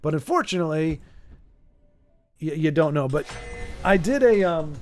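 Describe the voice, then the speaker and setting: Lively, playful man chatting. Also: fairly high pitch, moderate pace, faint music behind. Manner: playful, rambling, laughs easily. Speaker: streamer. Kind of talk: casual chat while playtesting a card game.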